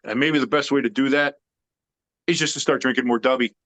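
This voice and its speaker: A man's voice: mid-range voice, fairly even intonation, brisk, fairly bright tone. A man co-hosting a sports podcast in casual chat, opinionated and emphatic, rambling with fillers. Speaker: podcast co-host.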